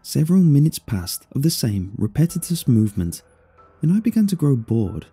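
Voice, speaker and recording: Man, first-person story narration, dark husky voice, lively pitch, dryly amused, faint music behind. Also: normal speed.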